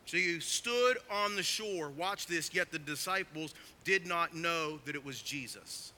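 A man preaching a sermon as pastor, emphatic, swinging from quiet asides to loud, urgent stresses. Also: high voice, expressive, normal speed, hardly any pauses.

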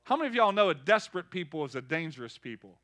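A man preaching a lively sermon, calling out to the congregation and building to shouts. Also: fairly high pitch, quick pace. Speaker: pastor.

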